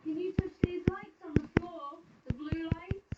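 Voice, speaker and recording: A woman ghost hunter softly asking spirits questions during a night investigation. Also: very high voice, fairly even intonation, unhurried. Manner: soft, whispered questions to spirits. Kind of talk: paranormal investigation vlog. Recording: roomy, distant, dull with loud hiss.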